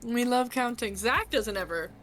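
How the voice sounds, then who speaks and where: A woman's voice: fairly high pitch, animated, fairly bright tone, slight background noise. Teasing young woman co-host. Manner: teasing, quick banter. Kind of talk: casual chat.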